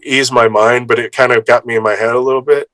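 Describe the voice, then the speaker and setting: Improv guy telling a story, acts out everybody's lines, cusses a bit, crisp bright tone. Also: mid-range voice, quick pace, dry recording, rough recording. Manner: lively storyteller, acts out others' lines, swears casually. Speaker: improv performer guest. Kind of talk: casual anecdote telling.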